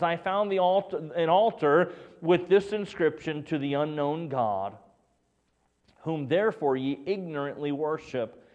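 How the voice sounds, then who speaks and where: A man preaching a Sunday sermon and reading scripture aloud, dropping his voice low and hushed for emphasis. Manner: preaching with dramatic drops to a hushed voice; reads scripture in King James wording. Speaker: pastor.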